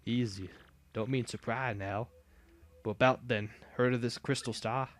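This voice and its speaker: A man voicing a folksy male fight-club promoter with a put-on American Southern drawl, reading game dialogue in slow, drawn-out country talk. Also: mid-range voice, fairly even intonation, natural voice.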